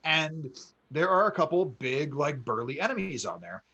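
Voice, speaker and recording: A man casually telling a tabletop game story on a podcast, acting out quotes with growing excitement. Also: fairly high pitch, normal speed, lo-fi sound. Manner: animated storyteller, acts out quotes with rising excitement. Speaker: podcast co-host.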